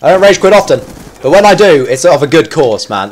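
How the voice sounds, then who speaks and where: Commentating on his own gameplay as it happens, a man speaks fairly quickly in an expressive, mid-range voice. He's chatty and self-deprecating between fights, breaking into sudden yelps and squeals.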